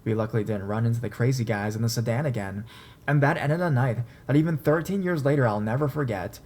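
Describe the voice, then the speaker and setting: A man reading a first-person horror story aloud in a steady storytelling voice. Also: mid-range voice, fast. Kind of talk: scripted horror story narration. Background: faint dark background music.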